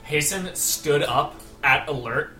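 A man narrating scenes in a tabletop game, rambling and filling pauses with filler words. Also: on the high side. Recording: echoey room with loud music.

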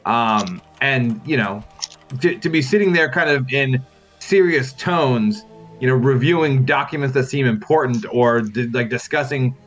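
A man's voice: medium pitch, measured pace, a bit bright, faint music behind. A man playing a tabletop game, rambling and repeating words as he explains. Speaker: player.

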